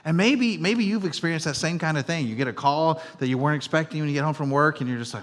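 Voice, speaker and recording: A middle-aged man preaching a sermon as pastor, telling everyday stories in a conversational way and dropping from loud to hushed. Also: on the high side, fast, few pauses. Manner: conversational storytelling, swinging between loud and hushed. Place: church auditorium. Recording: long reverb of a church hall.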